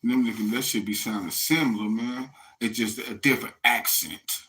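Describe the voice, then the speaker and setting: Speaking straight to his audience, a man from the United States delivers a rambling, casual monologue full of profanity and street slang. He has a mid-range voice with a bright, forceful tone and keeps a moderate pace.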